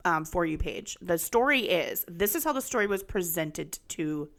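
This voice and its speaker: A woman in her forties with a somewhat low voice, co-hosting a casual podcast. She talks frankly, curses without a second thought, and lays out stories step by step. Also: lively intonation, normal speed, creaky, fairly bright tone. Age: 40s. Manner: frank, swears freely, storytelling. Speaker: podcast co-host. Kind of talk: casual chat.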